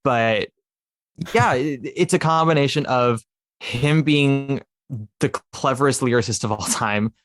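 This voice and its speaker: A man's voice: medium pitch, a little slow. A man chatting eagerly as a podcast guest, rambling with many fillers and restarts. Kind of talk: casual chat about musical theatre.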